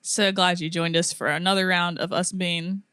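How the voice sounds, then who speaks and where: A woman's voice: fairly low pitch, level tone, normal speed, fairly bright tone, clear, resonant tone, dry recording, studio quality. A young woman from the United States co-hosting a podcast, chatting casually and telling stories with frequent giggles. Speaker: podcast co-host. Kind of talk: casual chat.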